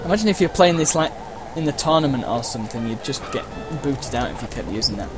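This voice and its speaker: A man's voice: medium pitch, expressive, quick pace. A man giving casual, rambling let's-play commentary while racing, full of uhs, side stories and playful exclamations. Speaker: gameplay commentator. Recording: game music and sound effects behind the voice.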